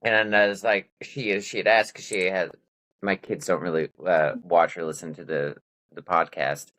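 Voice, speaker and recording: A man's voice: deep voice, level tone, moderate pace, fairly bright tone, low-quality recording. A man hosting a podcast, chatting casually and rambling with many restarts. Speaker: podcast host. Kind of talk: casual chat.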